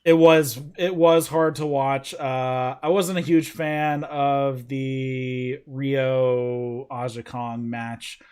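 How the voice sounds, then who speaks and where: A man's voice: mid-range voice, steady tone, drawn-out words, hardly any pauses, darkish tone, clear, resonant tone. A man hosting a casual wrestling review podcast, rambling with lots of fillers and stumbling over names. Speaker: podcast host.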